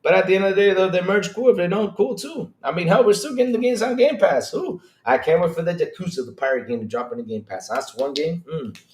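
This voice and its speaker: A man hosting a casual gaming news livestream, reading articles and chatting with viewers in a slangy, excitable way. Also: high voice, fast, roomy sound. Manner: animated, reads chat aloud, slangy asides. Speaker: podcast host.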